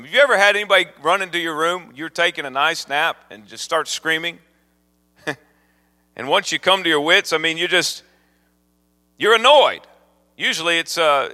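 A man preaching a sermon as a guest evangelist, moving from calm storytelling into fervent, rising exhortation. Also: fairly high pitch, big-room sound.

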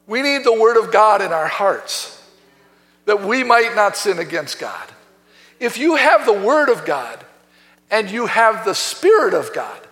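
A man's voice: high voice, gravelly, a bit bright, big-room sound. A man preaching a sermon as pastor, emphatic and quoting scripture from the pulpit in a church. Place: church sanctuary.

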